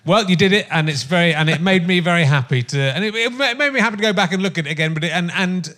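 A man's voice: sits high, quick pace, bright, forceful tone. A man in his fifties hosting a podcast conversation, earnest and reflective as he searches for his words. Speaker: podcast host. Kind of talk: casual conversation.

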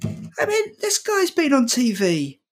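A man tells a comic story as a podcast guest, switching into voices for the people he quotes. He talks in an animated way and swears freely, enjoying the tale as it unfolds. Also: very high-pitched, takes it slowly, soft background music. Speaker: comedian guest.

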